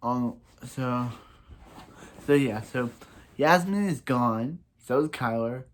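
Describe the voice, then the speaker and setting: A man's voice: mid-range voice, slow pace, a little hiss or hum. A man casually recapping a TV season, rambling with lots of fillers and restarts. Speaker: show recap reviewer.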